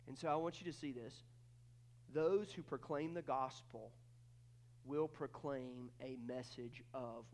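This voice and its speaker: A pastor preaches a sermon, swinging emphatically between loud, high bursts and quiet, low stretches. He often repeats words as he starts a thought and acts out quoted voices in dialogue.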